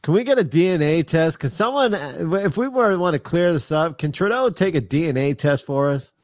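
A man's voice: fairly high pitch, expressive, normal speed, darkish tone, no echo, clean studio sound. A man hosting a casual radio podcast who laughs easily and keeps the show on track. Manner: laughs often, short reactions, keeps the show moving. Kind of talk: casual chat.

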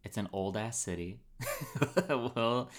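A man hosting a podcast in casual chat, playful and quick to laugh. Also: medium pitch. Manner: laughs often, playful teasing. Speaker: podcast host.

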